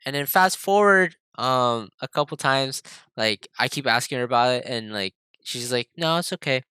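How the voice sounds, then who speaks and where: A young man co-hosting a podcast, telling a story in a casual, animated way, swearing and acting out quotes. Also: mid-range voice, moderate pace, smooth, no room sound. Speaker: podcast co-host. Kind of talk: casual chat.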